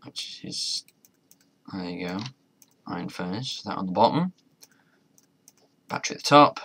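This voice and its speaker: A man's voice: sits low, animated, a little slow, vocal fry, fairly bright tone, breathy edge. A young man commentating as he plays a modded game, chatty and muttering to himself, with mild swearing along the way. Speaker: gamer. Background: faint keyboard and mouse clicks.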